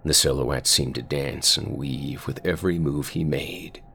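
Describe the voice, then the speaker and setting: A man reading scripted horror narration in a slow, brooding storytelling manner. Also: extremely low pitch, fairly even intonation, vocal fry, bright, forceful tone, breathy edge.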